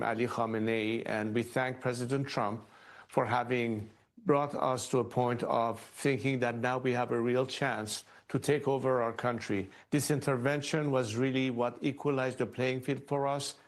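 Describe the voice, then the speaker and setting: Measured male interviewee in a TV clip. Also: medium pitch. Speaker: exiled political figure interviewed on TV. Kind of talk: TV news interview.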